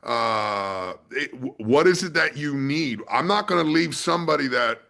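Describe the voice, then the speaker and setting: A man in his fifties hosts a casual podcast with a chatty, anecdotal manner. His voice sounds bright and gravelly. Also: mid-range voice, lively intonation, unhurried. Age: 50s. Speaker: podcast host.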